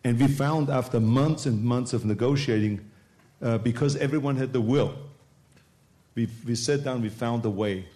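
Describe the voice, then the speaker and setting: A man's voice: mid-range voice, moderate pace, warm tone. A man speaking as governor in a panel discussion, emphatic and repetitive, with frequent fillers.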